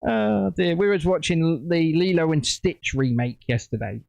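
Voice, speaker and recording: A man's voice: fairly high pitch, expressive, moderate pace, gravelly, a little mellow, dry recording, dull audio. A British man hosting a casual livestream, chatting and rambling while building a set at home. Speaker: livestream host.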